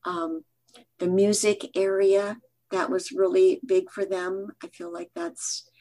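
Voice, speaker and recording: An older woman from Michigan, a podcast guest, answering thoughtfully with pauses and fillers. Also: mid-range voice, sing-song, vocal fry, dark tone. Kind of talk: reflective podcast interview.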